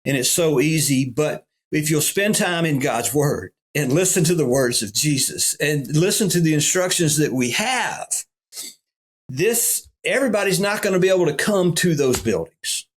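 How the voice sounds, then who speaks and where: A man's voice: a little high, normal speed, husky. Folksy Southern man telling stories. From Alabama. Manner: folksy, animated when quoting others. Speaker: pastor. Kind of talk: storytelling in a podcast interview.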